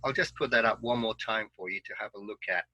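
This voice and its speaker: A man teaching an online English pronunciation lesson, giving patient, clear instructions. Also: on the low side, fast talker, bright, forceful tone, no room sound, dull audio.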